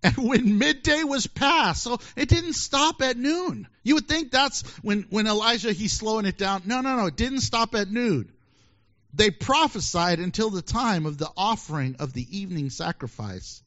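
A high-pitched male preacher delivers a sermon full of jokes, his voice leaping up and down as he acts out the scene. He laughs often between lines. The recording sounds dull and lo-fi. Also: animated, normal speed, fairly bright tone. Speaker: pastor.

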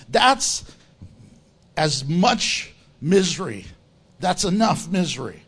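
A man preaching a sermon as pastor, animated and joking, often laughing as he teaches. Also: high-pitched, a little slow.

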